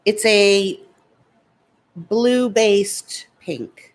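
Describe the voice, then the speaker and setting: Her voice is mid-range, and she draws out her words. While applying makeup, this beauty vlogger chats away and fires back at viewers' comments, defiant and talkative as she answers her critics.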